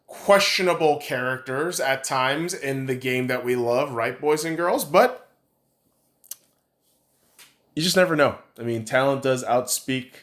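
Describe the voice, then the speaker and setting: A man's voice: medium pitch, a bit bright. A man hosting a podcast, giving a casual sports opinion rant in a blunt, profane and rambling way. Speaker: podcast host.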